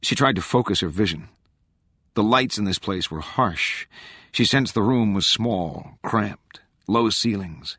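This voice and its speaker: Low-voiced man narrating an audiobook. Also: sharp tone, slightly rough, dry recording, clean studio sound. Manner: measured, dramatic.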